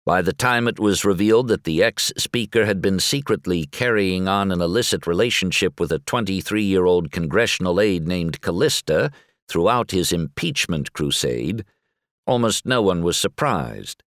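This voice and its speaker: A man narrating a magazine article in a measured, articulate reading voice. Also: sits low, expressive, fairly bright tone, dry recording, studio quality.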